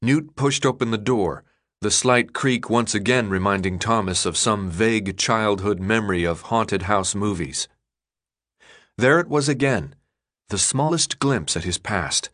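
A man narrating an audiobook in a measured, expressive storytelling voice. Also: fairly low pitch. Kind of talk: scripted narration.

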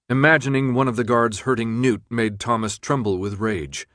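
A male audiobook narrator with a steady, measured delivery and a mid-range voice. The recording is dry and close, with no room sound at all. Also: medium pitch, dry recording. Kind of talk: scripted narration.

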